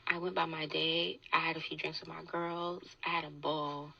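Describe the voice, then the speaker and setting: A young woman telling a story in a casual podcast chat, animated and indignant, acting out the quotes she tells. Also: sits low, normal speed, vocal fry, dull audio.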